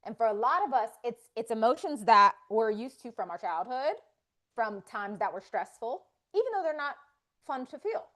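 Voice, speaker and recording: Woman, wellness host, animated faith talk, highish voice with wide pitch swings. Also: normal speed. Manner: lively, animated, acts out inner voices. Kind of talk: faith-based live talk.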